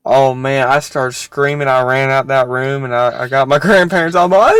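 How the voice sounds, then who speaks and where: A man hosts a casual podcast at an ordinary mid pitch. He chats loosely with a friend, laughs often and plays up his spooky stories with some drama. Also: moderate pace, hardly any pauses, very noisy. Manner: chatty, laughs often, theatrical storytelling. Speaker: podcast host. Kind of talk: casual chat and storytelling.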